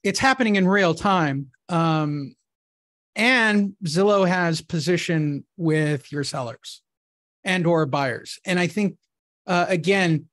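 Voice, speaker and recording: An enthusiastic host in a casual interview, with a middle-pitched voice. The sound is dry and close, with no room around it. The talk is eager and promotional. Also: no echo.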